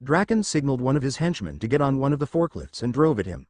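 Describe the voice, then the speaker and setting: A man reading a fan fiction story aloud and voicing its characters in his own voice, with a halting delivery. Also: medium pitch, very animated, a little mellow, no room sound, studio quality. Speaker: narrator.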